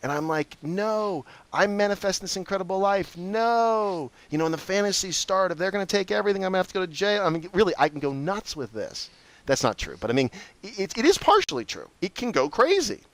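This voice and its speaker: A man's voice: fast talker, no echo. A man in casual conversation, talking openly about his life and acting out his own reactions. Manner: animated, acts out his own reactions with big pitch jumps. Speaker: host.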